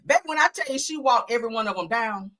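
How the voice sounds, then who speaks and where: A woman hosting a livestream, reacting in an excitable, profane way and laughing often. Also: on the high side, fast talker. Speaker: livestream host. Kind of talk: casual livestream commentary.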